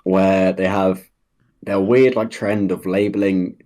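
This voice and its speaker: A man co-hosting a casual chat about a TV comedy, relaxed and agreeable. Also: low-pitched, slow pace. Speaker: co-host.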